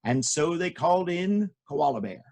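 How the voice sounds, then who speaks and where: A man telling folk tales to children in a playful, jokey, expressive way. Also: on the high side, normal speed. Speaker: children's storyteller. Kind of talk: animated storytelling for children.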